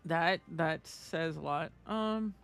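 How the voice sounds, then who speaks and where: While streaming a game, a woman chats casually, telling stories and doing the voices of people in her anecdotes. She speaks slowly in a low, smooth voice with vocal fry, and soft music plays in the background.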